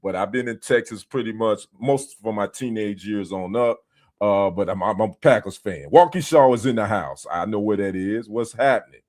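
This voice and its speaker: A man's voice: on the low side, normal speed, a little mellow. A man from the United States hosting a casual sports livestream, greeting viewers by name and trading teasing banter with the chat. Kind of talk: casual live-stream chat. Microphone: streaming setup.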